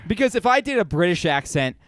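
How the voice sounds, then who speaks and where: A man's voice: sits high, very animated, fast talker, fairly bright tone, no room sound, clean studio sound. A man co-hosting a casual podcast chat, jokey and rambling, slipping into silly accents. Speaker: podcast co-host.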